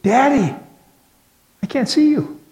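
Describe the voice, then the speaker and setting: A man preaching, voicing a frightened little girl calling for her father in the dark. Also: extremely high pitch, lively intonation, takes it slowly, voice pushed up, exaggerated voice. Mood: scared. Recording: echoey hall with long reverb.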